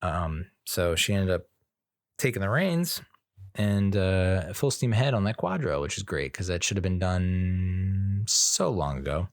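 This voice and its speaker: Rambling divorced dad with a low voice. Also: male voice, animated, a little slow, dry recording, clean studio sound. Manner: rambling, frequent fillers, wry sarcastic asides. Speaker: podcast host. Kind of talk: solo casual podcast monologue.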